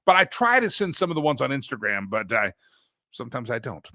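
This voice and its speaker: Bright-voiced, joking male talk-show host. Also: mid-range voice, sing-song, fairly quick. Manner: jokey, laughs at his own jokes; sing-song chanting of a recurring segment line. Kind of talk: casual talk-show monologue.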